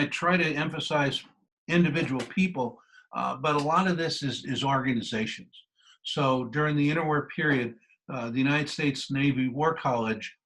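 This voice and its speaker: A man's voice: medium pitch, fairly bright tone, poor audio. A man giving a history lecture with slides, talking in a loose conversational way with many fillers and restarts. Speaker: guest lecturer.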